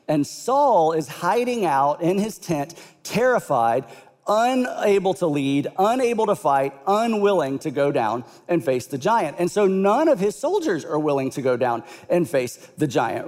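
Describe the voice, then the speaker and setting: Animated preacher in a reverberant hall. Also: male voice, on the high side. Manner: animated storytelling, casual and conversational. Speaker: pastor. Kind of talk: sermon.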